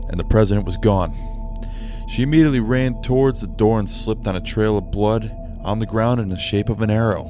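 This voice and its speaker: A man casually reading a story aloud and joking about his own slips. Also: lowish voice. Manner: self-deprecating, laughing at his own slips. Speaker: storyteller and channel host.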